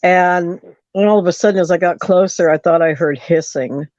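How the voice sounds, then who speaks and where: A woman's voice: fairly low pitch, normal speed, darkish tone, no echo. Woman caller telling a story, acts out all the quotes, dry dull sound. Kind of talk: storytelling on a call-in show.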